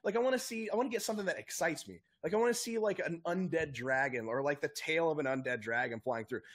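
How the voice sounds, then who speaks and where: A young man co-hosting a casual podcast, talking in an excitable, profane rant. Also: fairly high pitch, fast talker. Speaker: podcast co-host. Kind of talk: casual chat.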